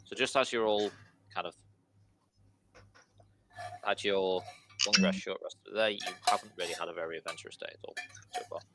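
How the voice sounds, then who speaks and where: A man narrating a tabletop game as dungeon master, in a relaxed, chatty way. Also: deep voice, fairly quick, pauses often, heavy background noise.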